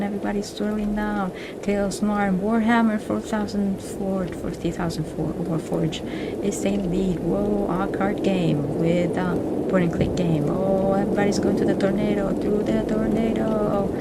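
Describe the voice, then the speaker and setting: A woman's voice: mid-range voice, heavy background noise. A woman streamer giving playful announcer-style live commentary, repeating her phrases as she goes.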